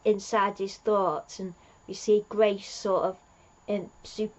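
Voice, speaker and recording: A woman's voice: medium pitch, little pitch movement, slow pace, lo-fi sound. A woman talking as a fan reviewer, recapping an episode in a chatty, meandering way with lots of fillers and restarts. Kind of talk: rambling plot recap.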